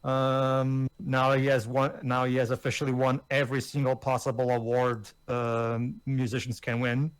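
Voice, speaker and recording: A man's voice: mid-range voice, completely flat delivery, normal speed, few pauses, clean tone, no echo. A man in his thirties co-hosting a casual review podcast, rambling with many fillers and restarts. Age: 30s. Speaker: podcast co-host.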